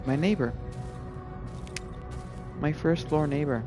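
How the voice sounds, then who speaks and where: A man's voice: on the high side, measured pace. A man streaming a game live, rambling casually and laid-back, with lots of "like" and "you know". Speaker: gaming streamer. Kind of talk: casual live gameplay commentary. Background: game music.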